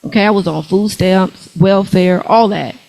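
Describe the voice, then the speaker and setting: A young adult woman, giving an animated motivational money talk to a live audience, calling out questions to the crowd. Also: medium pitch, moderate pace, vocal fry, low-quality recording. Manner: animated, preachy, calls out to the crowd. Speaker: workshop speaker.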